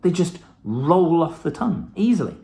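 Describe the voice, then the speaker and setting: A man's voice: on the high side, very animated, normal speed, creaky, warm tone. A middle-aged man giving a blunt, profane motivational talk to camera, with the odd laugh. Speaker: self-help vlogger.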